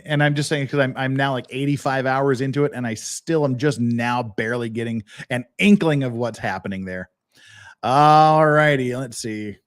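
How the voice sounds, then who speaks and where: A man hosting a live legal commentary stream, joking with his chat and breaking down a lawsuit. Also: medium pitch. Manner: animated, joking, chatty with chat. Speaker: podcast host.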